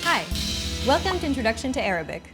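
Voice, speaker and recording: A woman hosting a scripted language lesson, explaining clearly and evenly. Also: fairly high pitch, big pitch swings, quick pace, over loud music. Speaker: lesson host.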